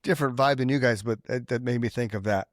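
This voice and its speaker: A man's voice: mid-range voice, fast talker, no room sound. A male podcast host chatting casually with a band. He talks with eager enthusiasm and often repeats words as he gathers his thoughts. His voice sounds close and dry. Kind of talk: casual chat.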